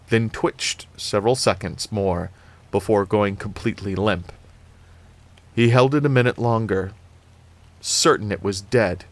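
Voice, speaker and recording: Casting: man, low voice, steady horror novel narrator. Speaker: reader. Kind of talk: dramatic horror novel reading.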